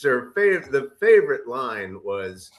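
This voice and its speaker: A man's voice: mid-range voice, big pitch swings, slow pace. A middle-aged man co-hosting a casual podcast chat, rambling with lots of fillers and restarts. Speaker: podcast co-host.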